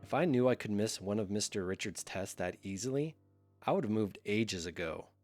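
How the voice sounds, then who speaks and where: A man's voice: on the low side, lively intonation, normal speed, a little mellow, no room sound, pitched below the performer's own voice, lightly acted. A man voicing a joking, laid-back teenage boy who is the narrator's best friend. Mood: teasing. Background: music.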